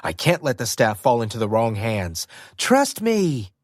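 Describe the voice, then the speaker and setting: A man's voice: mid-range voice, huge pitch swings, measured pace, dry recording, clean studio sound. A man voicing a stubborn young wizard who answers indignantly in an audiobook scene.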